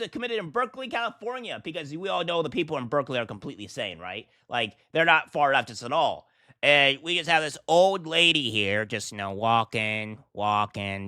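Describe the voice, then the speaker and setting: A man's voice: on the high side, sharp tone, no echo, studio quality. A man hosting a reaction commentary vlog, talking in an indignant, ranting way with rhetorical questions. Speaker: political commentary host.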